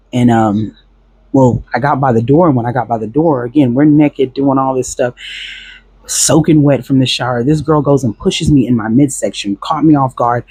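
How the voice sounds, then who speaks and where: A man talks through a personal story in a loose, rambling way, circling back with fillers and restarts. His voice sits at an ordinary pitch with a husky edge. The sound is dry and close, with no room echo. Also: a little mellow. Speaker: vlogger recounting a past relationship. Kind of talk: casual storytelling monologue.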